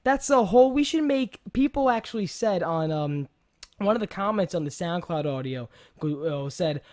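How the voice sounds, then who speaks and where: A man with a New York accent hosting a casual podcast chat, animated and rambling, laughing often. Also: sits high, normal speed, no echo, clean studio sound. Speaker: podcast host.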